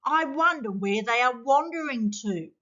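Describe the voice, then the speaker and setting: A woman's voice: a little high, expressive, normal speed, fairly bright tone, voice pushed up. A woman voicing a cheeky little booger creature with a playful, chatty storybook voice. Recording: dull lo-fi sound.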